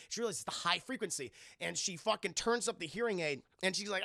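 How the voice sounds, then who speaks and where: A man streaming a profane, excitable spoiler recap of a film to his chat, acting out scenes with shouts and sound effects. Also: sits high, fast, gravelly, few pauses, no room sound, clean studio sound.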